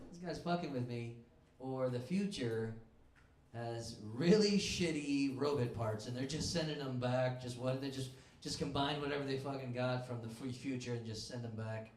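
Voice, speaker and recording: A man doing a stand-up set in a comedy club, talking in a rambling, halting way into a handheld mic. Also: medium pitch, a little mellow. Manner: rambling, halting, self-interrupting. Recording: echoey club room.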